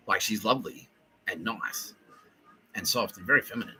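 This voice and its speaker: A man hosting a solo podcast, rambling excitably with lots of swearing and laughter, often acting out what others said. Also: on the low side, fairly quick, poor audio. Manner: excitable, profane, laughing, acts out quoted voices. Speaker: podcast host.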